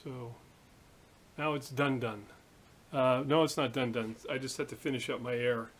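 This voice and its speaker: A man hosting a workshop video, chatting casually and telling a story in a relaxed, rambling way. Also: mid-range voice, normal speed. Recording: echoey room from a distance, hiss.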